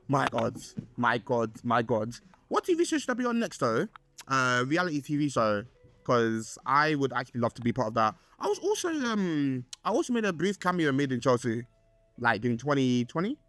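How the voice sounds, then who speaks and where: A man's voice: normal speed, no echo. Chatty young man, dry sound. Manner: rambling and chatty, full of fillers and restarts; excitable, with swoops up in pitch. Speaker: podcast host. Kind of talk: casual solo podcast chat.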